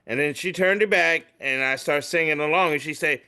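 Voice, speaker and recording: A man's voice: a little high, brisk, bright, forceful tone, clean tone. A man co-hosting a casual comedy podcast, telling stories animatedly, acting out voices and swearing freely. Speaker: podcast co-host. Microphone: remote call mic.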